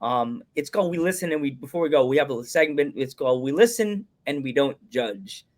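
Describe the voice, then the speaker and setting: Jokey podcast host. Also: male voice, medium pitch, lively intonation, brisk. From Pennsylvania. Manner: jokey, laughs at own lines, repeats phrases. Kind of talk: casual chat.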